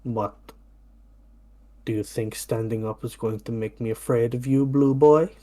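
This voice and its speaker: A sneering, arrogant young knight in fine armor looks down on everyone around him, voiced by a man. He talks slowly and haughtily in a middle-pitched voice. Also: steady tone, dark tone, close to an everyday voice.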